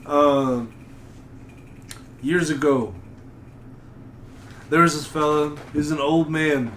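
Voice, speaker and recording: A man's voice: fairly high pitch, fairly even intonation, slow, fairly bright tone, a little hiss or hum. A man co-hosting a casual podcast, cracking jokes and starting a story in a laid-back way. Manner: laid-back, joking interjections. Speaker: podcast co-host. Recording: echoey room.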